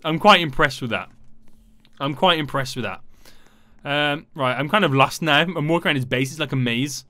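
A man giving excitable, chatty gameplay commentary to his viewers. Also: a little high, moderate pace, dry recording. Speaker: gaming YouTuber.

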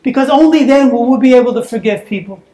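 A woman preaching a sermon in a church, telling a personal story in an animated way that breaks into shouts and laughter. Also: on the high side, fast talker, roomy sound. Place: church sanctuary.

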